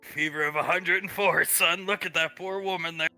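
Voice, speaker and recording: A man voicing a blunt, grim middle-aged father in a low, mock-solemn tone. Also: fairly even intonation, normal speed, sharp tone, smooth, soft background music.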